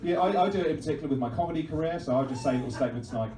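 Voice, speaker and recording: A man doing musical stand-up comedy in a club, with deadpan, self-mocking asides over his keyboard. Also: a little high, rapid-fire, background noise. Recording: echoey club recorded from far off. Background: keyboard playing and audience laughter.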